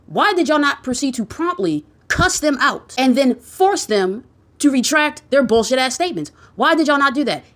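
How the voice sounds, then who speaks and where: A woman's voice: high-pitched, animated, normal speed. A woman giving ranting social commentary, blunt and heavily profane, firing off heated rhetorical questions.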